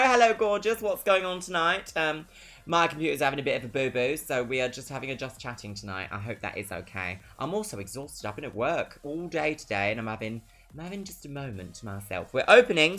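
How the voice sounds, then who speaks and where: Chatting away on a live stream, this young Londoner sounds bubbly and giggly and laughs a lot in her London accent. Her pitch sits low, and the tone is a bit bright.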